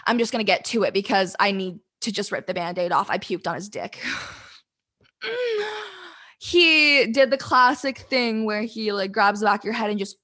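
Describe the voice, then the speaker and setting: A woman's voice: mid-range voice, fairly bright tone. A young woman telling a candid, rambling story to the camera, flustered and close to tears, swearing freely.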